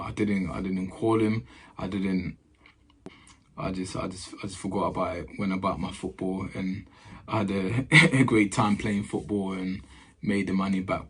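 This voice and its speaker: A man tells a story to camera in casual slang, circling back over his own phrases. His voice is low and husky. He speaks in a flat, even tone. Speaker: footballer.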